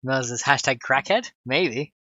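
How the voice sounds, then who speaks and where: Giggly streamer with lively pitch. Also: unhurried, dry recording, muffled recording. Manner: giggly, rambling, swears freely. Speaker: streamer and game modder. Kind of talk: casual livestream chat while coding.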